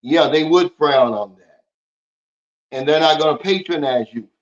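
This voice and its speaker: The livestream host's voice is a little high and a little slow, and the audio is dull. In casual talk, he reads out viewer comments and answers them in a blunt, preachy manner.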